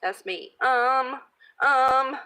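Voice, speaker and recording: A woman in her thirties casually chatting while she crafts, rambling off on tangents, laughing at herself and clearing her throat. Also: high voice, extremely slow, bright, forceful tone, poor audio. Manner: rambling, self-deprecating, laughs often. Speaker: craft video host.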